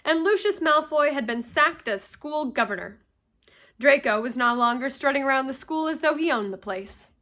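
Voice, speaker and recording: High-voiced woman reading a story aloud. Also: moderate pace. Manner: steady expressive storytelling. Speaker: teacher.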